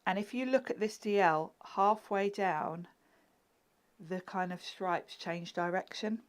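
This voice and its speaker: A woman's voice: medium pitch, takes it slowly. A woman chatting and giggling through a live card-making demonstration, often dropping to a murmur as she works. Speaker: craft demonstrator.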